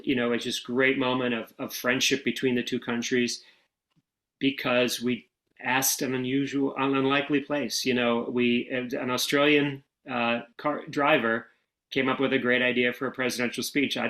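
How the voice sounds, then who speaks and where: American man telling stories, mid-pitched. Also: moderate pace, low-quality recording. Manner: relaxed, anecdotal, frequent fillers and restarts. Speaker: guest, former speechwriter. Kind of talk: conversational interview storytelling.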